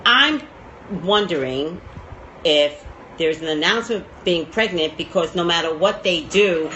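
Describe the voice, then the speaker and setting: Woman psychic host, bright and opinionated, big swings in pitch, gossipy chat. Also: measured pace, lo-fi sound, a little hiss or hum. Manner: animated, opinionated, laughs often. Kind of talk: casual gossip chat with card readings.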